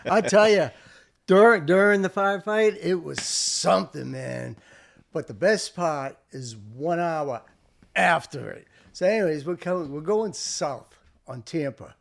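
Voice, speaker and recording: An older American man, a veteran, telling a war story in casual chat, swearing freely and acting out what people shouted. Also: fairly high pitch, measured pace, vocal fry. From United States. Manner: animated, swearing, acts out shouted quotes. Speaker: veteran guest.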